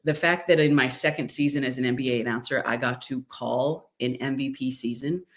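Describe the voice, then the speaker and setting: A woman who calls basketball games as a play-by-play announcer, guesting on a podcast in animated, chatty talk. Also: a bass voice. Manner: animated, chatty, quick storytelling. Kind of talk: casual podcast chat.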